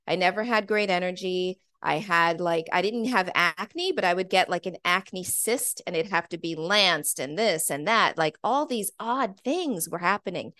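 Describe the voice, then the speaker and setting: A woman in her forties as a podcast guest, telling a personal story in an animated, chatty way, full of "like". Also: lowish voice, moderate pace, hardly any pauses, no echo. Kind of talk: conversational storytelling.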